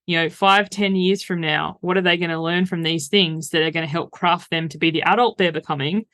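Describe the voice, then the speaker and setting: A woman's voice: on the low side, steady tone, brisk, a bit bright. A woman, a coach talking frankly as an interview guest and breaking into laughter as she tells stories. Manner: straight-talking, laughs while telling stories. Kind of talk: casual conversational interview.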